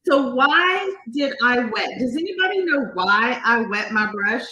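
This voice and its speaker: A woman with a fairly high, bright voice and a husky edge walks through a makeup look step by step. She is chatty and casual, and now and then quizzes the viewers. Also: lively intonation, a little slow, poor audio. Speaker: makeup artist demonstrating products.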